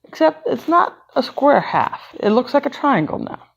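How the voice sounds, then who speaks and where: A woman storyteller narrating a children's tale in an animated way, acting out each character. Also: sits high, normal speed, creaky, slightly rough, lo-fi sound. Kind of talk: bedtime-style storytelling.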